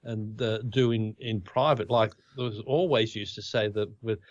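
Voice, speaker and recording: Aussie bloke chatting on a podcast, a bit muffled and dry sounding. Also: male voice, lowish voice, steady tone, moderate pace, darkish tone, no echo. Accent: Australian. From Australia. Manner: chatty storyteller, laughs into his anecdotes. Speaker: podcast co-host. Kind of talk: casual chat.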